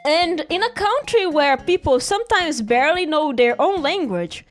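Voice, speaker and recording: A woman's voice: high-pitched, lively intonation, moderate pace, soft background music. A woman streaming, chatting and rambling through a story in English, laughing often. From Brazil. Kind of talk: casual rambling stream chat.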